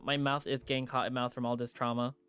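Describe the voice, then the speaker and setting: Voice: mid-range voice, level tone, quick pace, fairly bright tone, clear, resonant tone. A streamer reading a visual novel aloud with casual, profane asides.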